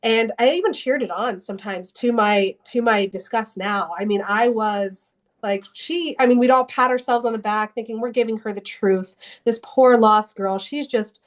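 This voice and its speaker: A young woman speaks as an interview guest, recounting a turning point in her faith. Her voice sits a little high, and she talks earnestly, often restarting her sentences as the emotion catches up with her. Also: normal speed. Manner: earnest and emotional, with many restarts and bursts of laughter. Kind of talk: personal testimony in an interview.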